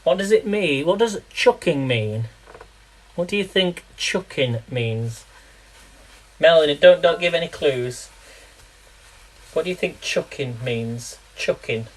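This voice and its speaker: A man's voice: fairly high pitch, expressive, slow, pauses often, poor audio. A man chatting casually to viewers during a live cooking stream. He rambles, laughs often and quizzes viewers on words. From England. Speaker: live-streaming home cook.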